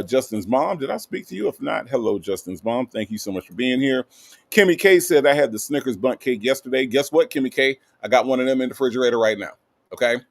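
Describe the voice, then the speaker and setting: The livestream host, a man from the American South, has a mid-range voice recorded without room sound. He chats easily and cheerfully through the live comments, calling out viewers by name with playful side remarks.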